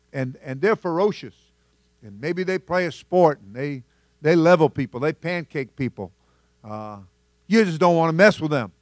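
A man's voice: on the high side, dry recording. A man, a senior pastor, preaching a sermon in a conversational way, laughing and acting out little asides to his church.

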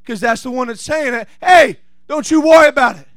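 A pastor with a notably high male voice delivers a sermon, reading scripture softly before building to loud, shouted praise. The sound is dry and close, with no room echo. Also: brisk, few pauses.

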